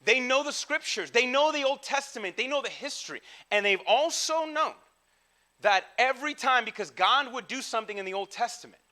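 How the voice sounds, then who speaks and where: Man, pastor, casual slangy sermon, high voice, very bright tone. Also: brisk. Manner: casual, slangy, animated, with frequent restarts. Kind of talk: conversational sermon.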